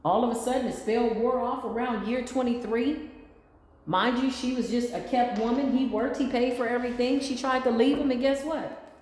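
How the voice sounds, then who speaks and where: A woman's voice: fairly high pitch, steady tone, normal speed, a little mellow. A woman giving a casual spiritual reading, talking in an emphatic, rambling, slangy and blunt way. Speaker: intuitive spiritual reader. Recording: echoey room with long reverb and faint noise.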